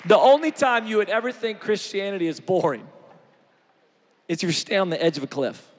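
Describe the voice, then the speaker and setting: A man preaching an energetic sermon, joking with the crowd and swinging from shouts to near-quiet. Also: high voice, a little fast, slight background noise. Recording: long hall reverb.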